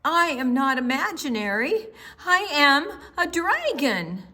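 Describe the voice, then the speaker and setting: A woman voicing a stubborn little dragon who slowly and firmly insists on being a dragon. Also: high-pitched, sing-song, pushed and bright, pitched above the performer's own voice, heavily acted. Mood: insistent. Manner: insistent, slow and emphatic.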